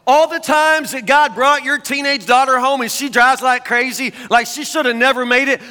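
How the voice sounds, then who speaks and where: A man's voice: extremely high pitch, normal speed, bright, forceful tone, long reverb tail. A man preaching a sermon as a pastor, talking conversationally and often stammering into restarts.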